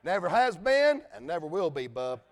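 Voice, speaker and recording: A preacher with a high voice. He talks in a homespun, joking way and then climbs into loud, shouted preaching. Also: sing-song, moderate pace, gravelly. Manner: folksy storytelling that rises to shouted preaching. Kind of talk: sermon.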